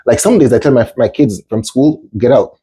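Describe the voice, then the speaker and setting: A man's voice: mid-range voice, a little fast, warm tone, breathy edge. A middle-aged man hosting a casual interview, eagerly cutting in with questions and repeating his words. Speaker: podcast host.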